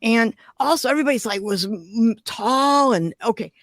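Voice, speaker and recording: A woman's voice: fairly high pitch, moderate pace, no room sound. An older woman from Detroit, a glass artist telling vivid, emotional stories in an interview. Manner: vivid, emotional, expressive storytelling. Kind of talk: storytelling interview.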